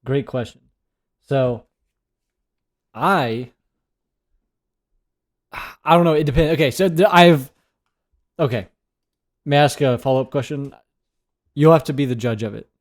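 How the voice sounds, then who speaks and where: A man's voice: mid-range voice, a little slow, long pauses. A young man co-hosting a podcast, chatting casually and rambling a bit with hesitant restarts. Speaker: podcast co-host. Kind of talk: casual banter.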